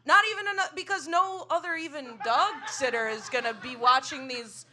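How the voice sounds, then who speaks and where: A woman's voice: high voice, moderate pace, a crowd in the background. A woman comedy contestant chatting casually, giggly and self-deprecating, rambling as she explains her sketch. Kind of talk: casual chat and sketch acting.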